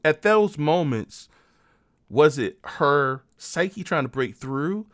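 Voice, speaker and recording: A man's voice: a little high, expressive, takes it slowly. A man co-hosting a podcast in casual chat, musing and profane, dropping into mock outbursts. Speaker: podcast co-host.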